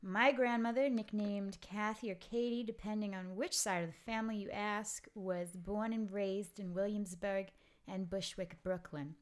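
A woman's voice: medium pitch, steady tone, moderate pace. Rambling woman podcaster telling family stories. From Pennsylvania. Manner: rambling, full of fillers and asides. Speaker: podcast host. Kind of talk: casual storytelling chat.

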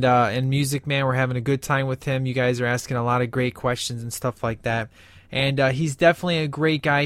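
A man's voice: mid-range voice, fairly bright tone, no room sound. A man hosting a casual podcast, talking with lots of fillers and reading a listener's email aloud. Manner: enthusiastic, rambling with many fillers. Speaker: podcast host.

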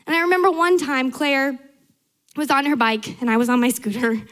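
A woman's voice: sits high, a bit bright. A young adult woman preaching a sermon to a large church, earnest and emphatic, building through repetition.

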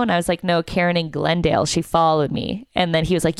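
Animated young woman telling a story. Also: lowish voice, fast, few pauses, smooth, no room sound, studio quality. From Canada. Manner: animated, acts out quotes. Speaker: comedian and podcast co-host. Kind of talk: casual podcast storytelling.

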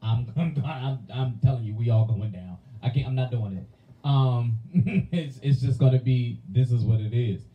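A man co-hosting a podcast, talking in a relaxed, reflective way with slang and frequent laughs. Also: mid-range voice, moderate pace, narrow, tinny audio. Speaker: podcast co-host. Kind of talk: casual chat.

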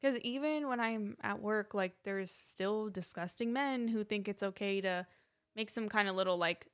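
A woman's voice: mid-range voice, normal speed. A young woman co-hosting a casual podcast, talking bluntly and heatedly and swearing freely. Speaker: podcast co-host. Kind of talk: casual chat.

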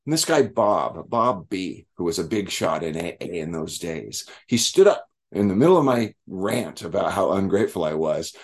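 A man's voice: low-pitched, big pitch swings, moderate pace, few pauses, husky. A man telling his own recovery story to a group, candid and profane, acting out the people he quotes.

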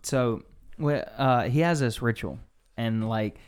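A man's voice: mid-range voice, takes it slowly, a little mellow, clear, resonant tone. A young man casually telling a funny story, laughing and full of fillers. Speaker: college baseball player telling a story. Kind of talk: casual chat.

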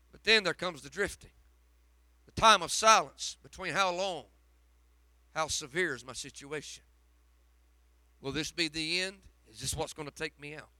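Male pastor, high bright tenor, dramatic dynamics, dry close sound. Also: moderate pace, pauses often, dry recording. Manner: swings from hushed to shouting, dramatic preaching. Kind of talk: sermon.

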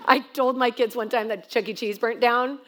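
A woman's voice: fairly high pitch, steady tone, moderate pace, a bit bright, a little hiss or hum. A woman guest pastor giving a sermon, telling a story in a chatty, self-mocking way.

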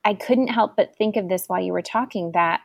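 A woman's voice: mid-range voice, brisk, vocal fry, no room sound, studio quality. A woman hosting a casual conversation, reflective and empathetic as she responds to her guest. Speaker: host. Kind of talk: casual chat.

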